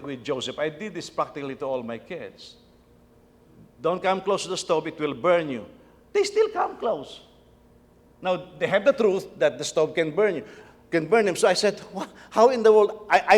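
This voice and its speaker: A middle-aged male pastor giving a conversational sermon, repeating words as he tells stories about his family. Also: fairly high pitch. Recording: long reverb of a church hall.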